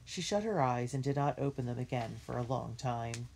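A woman reading a children's chapter book aloud in a measured, gentle way. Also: extremely low pitch, gravelly, slightly rough. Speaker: reader.

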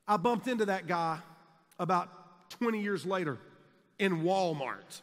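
A man, telling jokey stories in an energetic sermon to students in a large conference hall. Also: high voice, measured pace, long pauses. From South Carolina, US. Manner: energetic, jokey, builds to shouts. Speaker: youth conference speaker. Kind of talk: humorous storytelling sermon.

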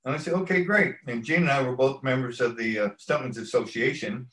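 A stunt coordinator, appearing as an interview guest, rambles easily through a long anecdote and acts out what people said. His mid-range voice is fairly quick with a fairly bright tone, and the poor audio sounds echoey.

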